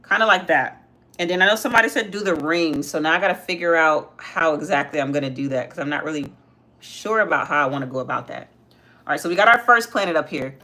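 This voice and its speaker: A woman's voice: deep voice, bright, forceful tone. A young woman hosting a casual livestream, chatting with viewers as she works and talking with her child. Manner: chatty, talks to viewers while doing makeup. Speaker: livestream host, mother.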